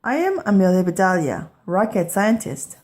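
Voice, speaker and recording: A woman's voice: mid-range voice, very animated, moderate pace, darkish tone, lightly acted. A woman voicing an eager, literal-minded female housekeeper in a children's storybook read-aloud.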